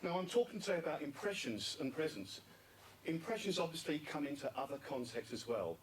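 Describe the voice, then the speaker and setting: At a speaking club conference, a man gives an interactive talk in a rather high, very animated, brisk voice, asking the audience questions and repeating their answers. The mic is distant, picking up faint background noise.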